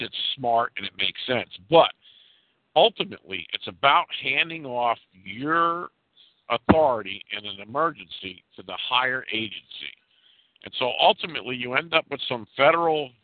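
A man's voice: medium pitch, no echo. Rambling man on a phone line. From New York State. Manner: rambling storyteller, restarts often. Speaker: caller. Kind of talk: conference call chat. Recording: tinny phone line, dry.

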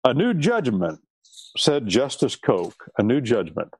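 A man's voice: mid-range voice, wildly swooping pitch, unhurried, darkish tone, husky, no echo. A man preaching a sermon on scripture and law, stressing and repeating key words.

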